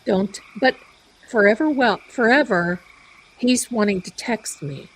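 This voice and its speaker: A woman hosting a live stream, telling a story in an animated, chatty way. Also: on the high side, measured pace, poor audio. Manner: animated, chatty, loud bursts of laughter. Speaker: psychic live-stream host.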